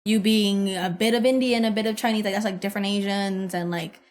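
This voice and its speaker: A young woman guest in a casual podcast chat, blunt and quick to swear and laugh. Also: mid-range voice, steady tone, darkish tone.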